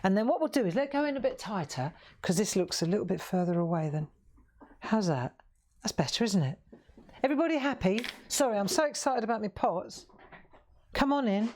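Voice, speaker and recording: This crafting livestream host speaks briskly in a sing-song, medium-pitched voice with a darkish tone. Wearing a lapel mic in her craft room, she chats through a live colouring demo and laughs at her own moments.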